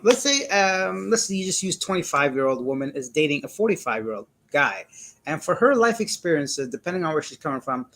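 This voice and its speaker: A man hosting a relaxed live stream, talking casually and laughing often. His voice sits a little high for a man. He greets viewers by name and answers their comments as they come in. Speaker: livestream host reading chat. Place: indoors, living in Cebu.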